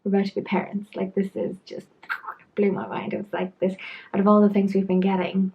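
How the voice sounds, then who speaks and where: A woman's voice: medium pitch, monotone, quick pace, creaky, narrow, tinny audio. A young woman giving frank, chatty pregnancy advice to camera, trailing into asides. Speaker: pregnancy vlogger. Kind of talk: casual talk-to-camera advice.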